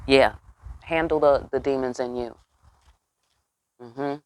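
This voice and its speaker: Slow and steady, with a smooth, darkish mid-range voice, a tarot reader gives a casual spiritual reading. The talk is blunt, profane, emphatic and streetwise, packed with cursing and rhetorical questions for listeners.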